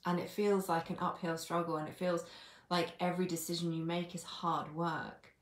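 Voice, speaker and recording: A woman's voice: fairly low pitch, level tone, normal speed, echoey room. A woman coach giving a blunt, sweary live stream pep talk, laughing often.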